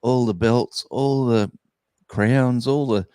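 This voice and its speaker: A man's voice: mid-range voice, slow, dark tone, clear, resonant tone, no echo. A man with an Australian accent telling a rambling story in a casual chat, full of fillers and restarts. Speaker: guest musician.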